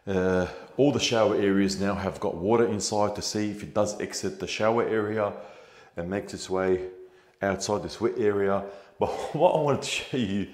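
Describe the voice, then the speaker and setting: A man's voice: on the low side, normal speed, a little mellow, no echo. Blunt man inspecting a site. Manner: blunt, exasperated, laughing at shoddy work. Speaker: building inspector. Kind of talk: walkthrough site inspection vlog. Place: outdoors on a building site.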